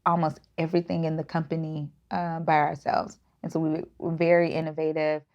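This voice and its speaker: A woman's voice: low voice, level tone, fairly quick, darkish tone. A woman, a startup founder speaking earnestly in an interview, with many fillers and restarts. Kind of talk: casual interview talk. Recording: dull lo-fi audio.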